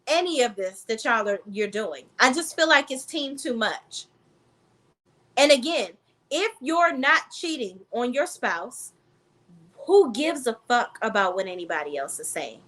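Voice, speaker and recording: A woman's voice: high voice, big pitch swings, a little slow, pushed and bright. A woman reviewing reality TV in a casual, blunt and profane commentary vlog, talking straight to her viewers. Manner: talks straight to the viewers as "sis" and "y'all".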